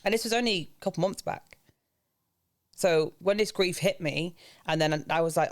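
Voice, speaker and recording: A man's voice: fairly even intonation, fairly quick. A young man in his twenties from England, talking openly and reflectively as a podcast guest. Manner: open, reflective, speaks of grief in a low earnest tone. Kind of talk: candid personal podcast talk.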